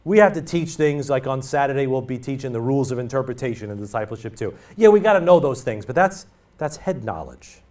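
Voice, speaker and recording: Animated preacher heard from across the room. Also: male voice, medium pitch, a little fast. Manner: animated, emphatic, repetitive preaching. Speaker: pastor. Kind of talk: sermon. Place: church. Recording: voice from far off the mic.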